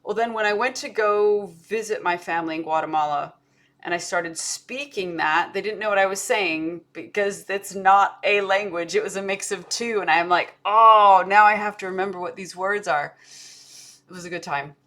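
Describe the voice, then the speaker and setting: A woman's voice: mid-range voice, normal speed, a bit bright. A woman with an American accent touched by an Australian tinge, telling stories in a rambling casual chat as a podcast co-host. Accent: American with a slight Australian tinge. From United States. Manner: rambling, self-interrupting storyteller with fillers.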